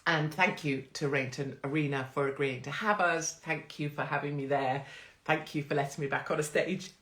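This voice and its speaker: A woman's voice: deep voice, steady tone, normal speed, fairly bright tone. A woman hosting a casual live stream, brash and jokey, swearing freely and laughing often, from England. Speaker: host. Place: home, live phone stream. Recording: roomy echo.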